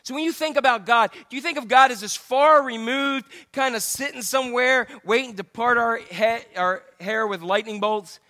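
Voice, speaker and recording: A man's voice: very high-pitched, moderate pace, few pauses, sharp tone. A man preaching a sermon as pastor in a church, joking and chatting with the congregation as he goes. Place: church sanctuary.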